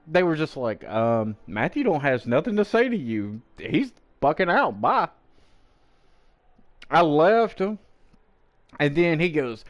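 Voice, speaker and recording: A man on a game stream recounts a story in loose, casual talk, his somewhat high voice swinging widely in pitch. He swears constantly and acts out every quoted line as he tells it. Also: measured pace, long pauses. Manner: profane, animated, acts out quoted people in the story. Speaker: gaming streamer.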